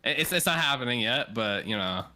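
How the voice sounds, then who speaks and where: A man's voice: medium pitch, expressive, fairly quick, sharp tone. A man playing a tabletop game, joking and swearing in casual table chat and tripping over his words. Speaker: player.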